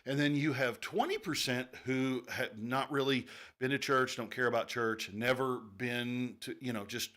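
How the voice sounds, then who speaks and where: A man co-hosting a radio talk show, explaining things in a relaxed way with many fillers. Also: medium pitch, moderate pace, hardly any pauses. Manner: relaxed, thinking aloud with fillers. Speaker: radio co-host. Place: radio studio.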